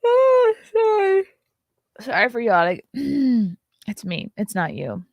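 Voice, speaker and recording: On a lo-fi, dry recording, a woman with a medium-pitched, sing-song voice hosts her morning livestream at a slow pace. She chats, reads headlines aloud, tosses in sarcastic asides, and sometimes whispers.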